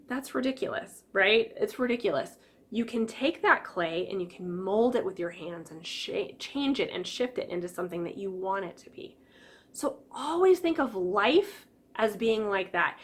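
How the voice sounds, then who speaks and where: Brief: female hypnotherapist coach, animated classroom delivery, mid-pitched, plays out quoted reactions. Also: normal speed. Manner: lively, acts out quotes with exclamations. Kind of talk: teaching an online class.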